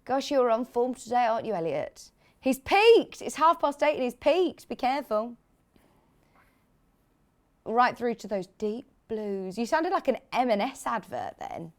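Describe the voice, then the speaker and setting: A woman presents products on live shopping television, chatty and enthusiastic, joking with the crew between sales pitches. She's very animated yet unhurried.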